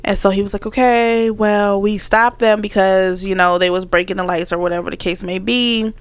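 A woman tells a story bluntly and with energy, swearing freely as she recounts it. Her voice sits at a medium pitch. The recording is dry and a little dull. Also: normal speed, smooth, dry recording. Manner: blunt, profane, animated retelling. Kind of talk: casual storytelling chat.

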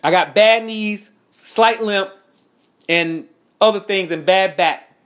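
A man angrily recounting a confrontation in a profane, animated first-person story with quoted dialogue. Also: high voice, slow pace. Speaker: veteran recounting an incident. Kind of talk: angry first-person account to camera.

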